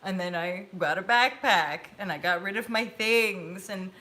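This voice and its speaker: Bubbly, bright-voiced woman livestreaming tarot. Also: mid-range voice, measured pace. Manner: bubbly and giggly, talks straight to viewers. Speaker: host reading tarot cards on a live stream. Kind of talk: casual chat.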